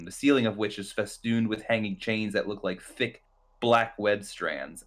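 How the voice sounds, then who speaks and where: A man serving as game master, narrating a tabletop session with frequent ums and uhs. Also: fairly low pitch. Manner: halting, many ums and uhs.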